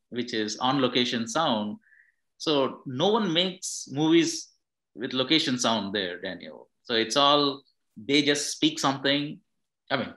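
On a rough recording, a film director answers an interview question thoughtfully in a medium-pitched, fairly bright voice. His explanation is marked by repeated words and restarted phrases.

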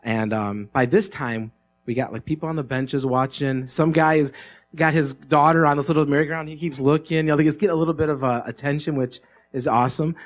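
A man telling a story at a live gathering. He speaks into a microphone in a relaxed, conversational way, with many fillers and restarts. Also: on the high side, fairly quick. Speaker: speaker sharing a testimony. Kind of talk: casual spoken storytelling.

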